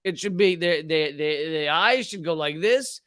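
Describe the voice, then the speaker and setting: A man's voice: on the high side, lively intonation, a little slow, a bit bright, smooth, no room sound, studio quality. A male comedian hosting his show, ranting with profanity and sarcastic mockery. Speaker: comedian host. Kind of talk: ranting political commentary.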